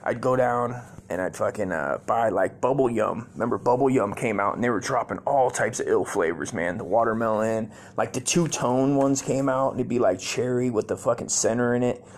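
A man in his forties from Las Vegas rambles through crude, profane stories for his comedy show. His mid-pitched voice has a rough, gravelly fry, and his speech is loose, with filler words like dude and man all through it. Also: moderate pace, hardly any pauses. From Las Vegas, USA. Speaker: comedy podcast host.

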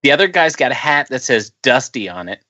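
Man, podcast co-host, sarcastic, incredulous, pitch jumping all over. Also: big pitch swings, brisk, sharp tone, dull audio. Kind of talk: casual movie-review chat.

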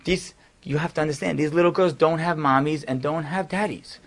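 A man's voice: on the high side, fairly quick. A man, a rabbi, telling a story to his class in a conversational way with casual asides.

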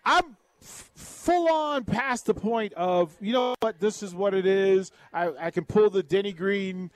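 A man on a sports radio show, ranting in an animated, sarcastic, exasperated way with vivid comparisons. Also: high voice, unhurried, no room sound. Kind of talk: fired-up sports talk.

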